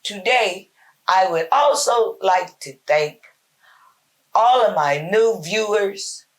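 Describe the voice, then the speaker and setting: A woman hosting a short Bible talk, preaching in a slow, emphatic, folksy way with lots of repetition. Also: medium pitch. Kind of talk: informal spoken devotional.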